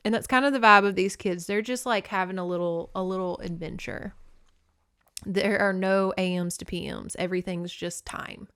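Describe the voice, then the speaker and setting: Chatty woman with a smooth voice. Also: mid-range voice, fairly even intonation, normal speed, a bit bright. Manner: chatty, playful, sarcastic asides. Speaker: podcast host. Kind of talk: casual book recap podcast.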